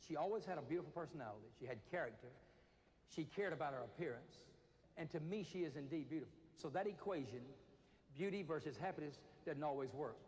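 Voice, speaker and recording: A man's voice: on the high side, lively intonation, fast, a little mellow. Man speaking in a reverberant hall. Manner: storytelling, acts out voices of inmates. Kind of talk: motivational talk to teenagers. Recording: reverberant hall with faint noise.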